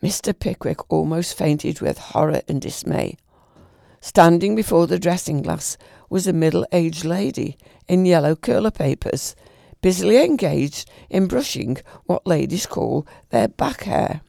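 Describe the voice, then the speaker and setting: Rich: A man reads a classic novel aloud in a gravelly voice, unhurried and sometimes stumbling over a word. His tone is dark and mellow, recorded dry and close. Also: fairly high pitch, animated, no echo. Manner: unhurried, with occasional stumbles and restarts. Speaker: reader.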